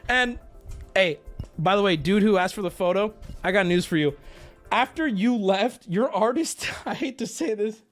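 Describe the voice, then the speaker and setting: A man hosting a livestream, telling a story to chat in a casual, animated way, swearing and breaking into yelling. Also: high voice, normal speed, soft background music. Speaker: livestream host.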